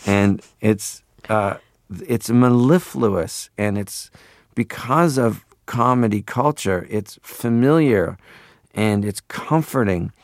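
A man's voice: lowish voice, animated, slow pace, no echo, clean studio sound. A man in his forties from Canada, a guest in a radio interview, talking playfully and rambling into funny voices.

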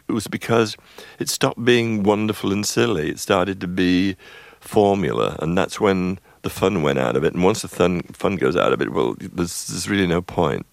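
A man's voice: fairly low pitch, gravelly, no room sound. An older man, a film composer being interviewed on radio, recalls the past in a rambling, chuckling way, often stopping to restart his sentences. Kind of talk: radio interview, anecdotal storytelling.

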